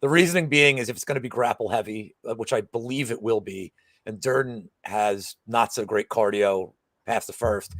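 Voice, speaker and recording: Low-voiced man rambling about bets. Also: moderate pace, a bit bright, dry recording. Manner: rambling, many fillers and restarts. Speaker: co-host of a betting show. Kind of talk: casual podcast chat.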